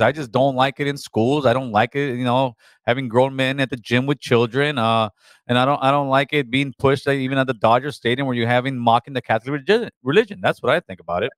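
A man's voice: mid-range voice, a little fast, no echo. A man hosting a call-in talk show, speaking casually and calling callers brother. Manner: laid-back, calls people brother and man.

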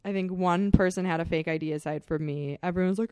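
A young woman co-hosting a podcast, telling wild stories in a profane, animated way and laughing often. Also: lowish voice, fast talker, smooth, dry recording, clean studio sound. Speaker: podcast co-host. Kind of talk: casual chat, storytelling.

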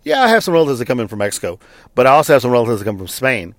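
Man, from Texas, frank storytelling, casual, blunt, mid-pitched voice, dry sound. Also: very animated, very fast, no room sound. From Texas, United States. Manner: frank, conversational, with blunt swearing. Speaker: interviewee. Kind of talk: personal storytelling.

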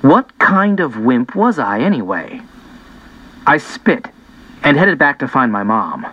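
A man reading a story aloud in an expressive first-person narration. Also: mid-range voice, a little slow, breathy edge, no echo, highs cut off. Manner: lively, expressive reading with voiced dialogue. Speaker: audiobook narrator.

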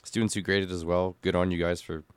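Man, low voice, laid-back casual chat, dry close sound, studio podcast. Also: level tone, fairly quick, clear, resonant tone, no echo. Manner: laid-back, short loose remarks. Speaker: podcast co-host and gym coach.

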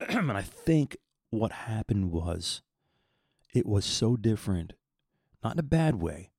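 Middle-aged man, 50s, low voice, dry recording; earnest, rambling podcast host who stumbles over repeated words. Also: big pitch swings, takes it slowly, gravelly, a little mellow, dry recording. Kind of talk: personal faith talk.

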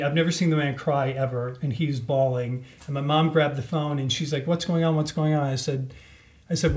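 A man telling a personal story in a relaxed podcast conversation, acting out the voices of the people in it. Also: on the high side. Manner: animated, acts out quoted voices. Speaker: podcast guest. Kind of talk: casual storytelling.

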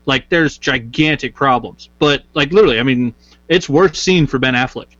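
A man's voice: medium pitch, normal speed, fairly bright tone, dry recording. Blunt opinionated man, muffled dry sound. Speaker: podcast co-host. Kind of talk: casual chat. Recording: slightly dull dry sound.

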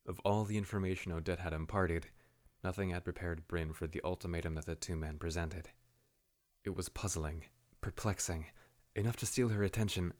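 A man narrating a fantasy story in a steady, measured way. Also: sits low.

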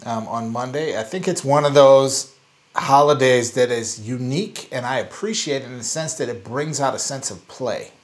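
A man's voice: mid-range voice, normal speed. A man co-hosting a podcast, chatting casually in a thoughtful, hedging way with lots of fillers. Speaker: podcast co-host.

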